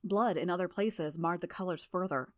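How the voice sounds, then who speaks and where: Woman reading an audiobook, lowish voice, steady and even, dry close mic. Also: moderate pace, no room sound. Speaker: audiobook narrator. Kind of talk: first-person fan audiobook narration.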